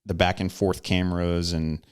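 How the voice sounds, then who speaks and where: Man, Texan accent, podcast host, very deep voice, smooth resonant tone, relaxed chatty storytelling. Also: normal speed. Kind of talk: casual podcast conversation. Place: home podcast studio room.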